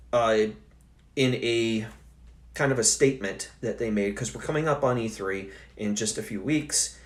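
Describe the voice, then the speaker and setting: A young man hosting a live stream, talking casually and loosely with lots of fillers and restarts. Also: medium pitch. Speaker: host.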